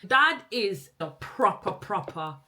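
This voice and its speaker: A woman's voice: medium pitch, sing-song, takes it slowly, faint music behind. A young woman from Jamaica with a Jamaican accent, hosting a casual podcast chat and telling stories with easy laughter. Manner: warm storytelling, laughs often. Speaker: podcast host.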